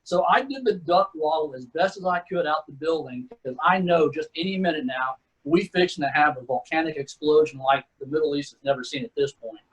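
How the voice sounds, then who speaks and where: A man's voice: on the high side, a little fast, hardly any pauses, a bit bright, slightly rough, rough recording. A middle-aged man, a retired Army sergeant, telling war stories in a laid-back, casual way and calling people "man" and "dude". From Texas. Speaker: retired Army sergeant first class, guest. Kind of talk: casual storytelling.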